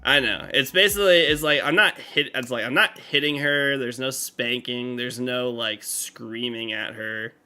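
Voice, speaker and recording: A man's voice: medium pitch, normal speed, few pauses, bright, forceful tone, clean tone. A man chatting casually on a live game stream, rambling with lots of fillers and restarts. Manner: rambling, filler-heavy talk with many restarts. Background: faint game music.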